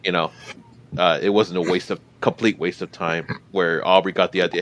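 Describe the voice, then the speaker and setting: A man co-hosting a podcast, chatting casually about a film and pausing often with filler sounds. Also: low-pitched, steady tone, fairly bright tone. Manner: hesitant, many filler pauses. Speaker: podcast co-host. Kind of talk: casual movie discussion.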